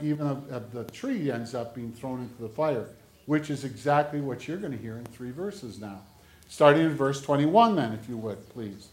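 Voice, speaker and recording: A man preaching a sermon as pastor, swinging between loud, urgent exhortation and quiet, low asides. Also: roomy sound.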